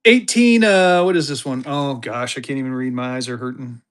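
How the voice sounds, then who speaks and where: A man selling collectible banknotes on a live auction stream, talking to his viewers in an excited, chatty way. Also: mid-range voice, moderate pace. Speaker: livestream seller.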